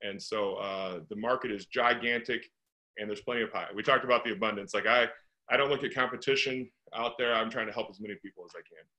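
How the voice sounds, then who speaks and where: A man's voice: lowish voice, steady tone, fast, pushed and bright, rough recording. A middle-aged man from St. Louis, a real estate investor being interviewed, talking earnestly and piling up rhetorical questions. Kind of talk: conversational interview.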